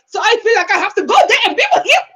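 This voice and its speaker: A woman putting on the voice of a young woman with an unusual, high-pitched accent, shouting in an exaggerated way. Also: lively intonation, rapid-fire, heavily acted. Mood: pleading.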